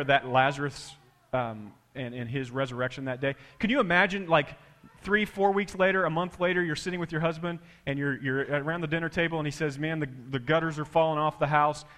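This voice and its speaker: Dramatic preacher in a reverberant hall. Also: male voice, fairly high pitch, fairly quick. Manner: dramatic, swinging between hushed and loud. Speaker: pastor. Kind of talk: sermon.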